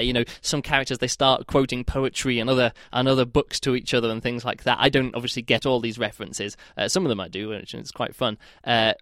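A man talks through his thoughts on a book in an easygoing, meandering way. He hesitates often, restarts phrases and leans on filler words. His mid-pitched voice sounds dry and close, with no room echo. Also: fairly bright tone. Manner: rambling, hesitant, full of "like" and restarts. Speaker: book reviewer. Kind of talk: casual spoken book review.

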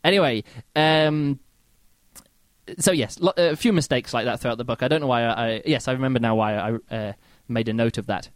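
A man's voice: mid-range voice, fairly quick, dry recording. A man hosting a podcast, casually reviewing a book in an exasperated, mocking way. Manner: exasperated, mocking, animated, reads quotes aloud.

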